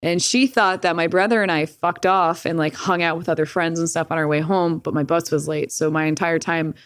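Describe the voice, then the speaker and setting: A woman's voice: deep voice, a little fast, clean tone, dry recording, clean studio sound. A young woman telling a personal story in casual interview talk, candid and swearing often, with lots of "like". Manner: candid, profane, animated retelling with frequent "like". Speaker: podcast guest.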